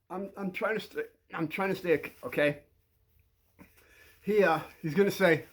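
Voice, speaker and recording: An older man with a slightly high voice talks straight to camera, giving kids advice in a loose, rambling way. He plays both sides of an imagined exchange and keeps cracking up as he tries to stay serious. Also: animated, moderate pace. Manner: keeps breaking into laughter, acting out both sides of a scene. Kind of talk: casual monologue to camera.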